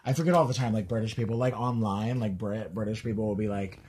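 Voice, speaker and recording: A man's voice: on the low side, fast, darkish tone, slightly rough. An American man co-hosting a podcast, chatting casually and rambling with lots of "like" and restarts. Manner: rambling, full of "like" and trailing restarts. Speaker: podcast co-host. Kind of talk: casual chat.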